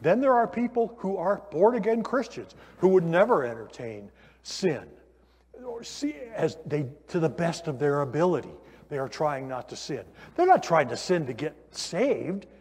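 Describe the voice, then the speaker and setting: A man preaching a sermon in a church, conversational and animated, asking the listeners questions. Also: on the high side, normal speed, breathy edge. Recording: long hall reverb.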